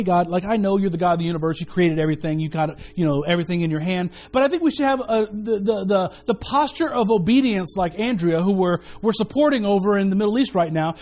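A man's voice: high voice, a little mellow. A pastor preaching to his congregation, reading scripture, leading a prayer and repeating words for emphasis. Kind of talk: sermon.

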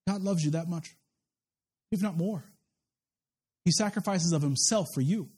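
A male pastor with a notably high voice preaches in a relaxed, conversational way. He drifts from scripture into personal stories, stumbling over and repeating words, and pokes fun at himself. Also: moderate pace, slightly rough. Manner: conversational, repeats words and restarts, self-deprecating humor. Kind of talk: sermon with personal storytelling.

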